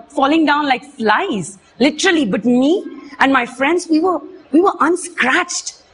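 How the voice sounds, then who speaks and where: Brief: young woman, earnest emotional testimony, higher pitch, faint hum behind. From India. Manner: earnest, emotional, halting retelling. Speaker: witness giving testimony. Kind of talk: personal testimony.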